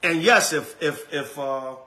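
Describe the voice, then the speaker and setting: A man's voice: on the high side, measured pace, bright, forceful tone. A middle-aged man, an elder preaching a sermon in an emphatic, repetitive, colloquial way.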